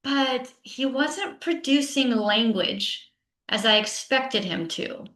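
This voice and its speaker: Bright-voiced woman presenter, roomy sound. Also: fairly high pitch, animated, slow pace. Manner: conversational, often adds "right?" for agreement. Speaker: teacher coach and presenter. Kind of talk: conference talk to teachers. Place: online session with a chat. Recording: roomy echo.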